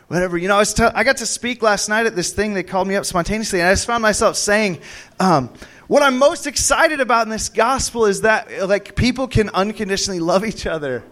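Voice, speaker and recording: Young male preacher, high voice, charismatic sermon style, rambling, laughs and whoops between points. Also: a bit bright. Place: church meeting room.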